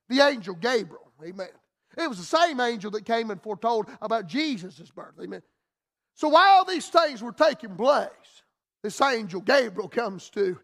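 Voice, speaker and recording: A man's voice: high voice, a bit bright. A man with a Southern US accent preaching a radio sermon in a folksy, down-home manner.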